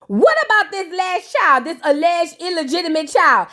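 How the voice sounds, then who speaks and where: A woman's voice: very high voice, expressive, moderate pace, few pauses, sharp tone. A woman hosting a reaction show, recapping a TV episode in a sassy, joking way. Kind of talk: casual comedic recap.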